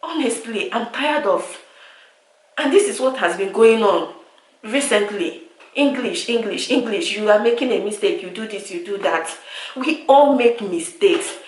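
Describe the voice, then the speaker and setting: Nigerian woman vlogger, frustrated rant to camera, echoey room, mid-pitched voice. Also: lively intonation, unhurried. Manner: exasperated, repetitive, lapsing into pidgin. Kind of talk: direct-to-camera vlog rant.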